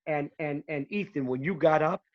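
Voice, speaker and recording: A man's voice: on the high side, muffled recording. Stammering man praising students. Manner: halting, stammers with repeated words. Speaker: guest comedian and actor. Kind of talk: acting feedback. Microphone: video call.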